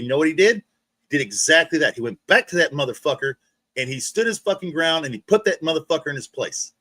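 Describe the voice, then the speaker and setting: A man's voice: a little high, expressive, fast, sharp tone, no echo. A man hosting a livestream, ranting in a heated, profane monologue and restarting his sentences often. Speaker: livestream host.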